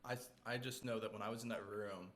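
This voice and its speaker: Lower-voiced man chatting, faint room hum. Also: fairly even intonation, fast, fairly bright tone. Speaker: podcast co-host and photographer. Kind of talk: casual chat.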